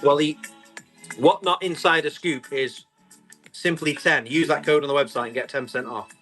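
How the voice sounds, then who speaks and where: Guy chatting away on a live tool auction, fairly high voice, faint music behind. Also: bright, forceful tone. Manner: chatty, describes items quickly, reads out bids. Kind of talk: live-stream selling chat.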